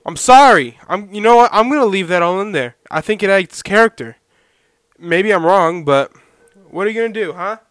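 A man's voice: sits high, normal speed, clean tone, dry recording. Rambling young man telling a story. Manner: rambling, animated, talks to his dog mid-story. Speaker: podcast host. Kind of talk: casual solo storytelling. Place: home.

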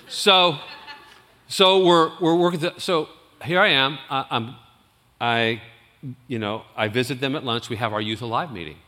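A man who is a youth pastor, telling a story in a sermon, animated and rambling, with restarts and laughs. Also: medium pitch, in a large hall.

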